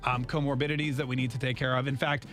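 A man's voice: medium pitch, level tone, fast, fairly bright tone. A man hosting a morning radio show, chatting casually and upbeat with lots of fillers. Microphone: studio mic.

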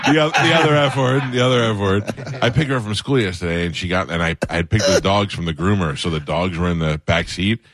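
A man hosting a casual chat, talking about his kids with relaxed, dry asides. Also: low voice, fast, few pauses. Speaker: radio host.

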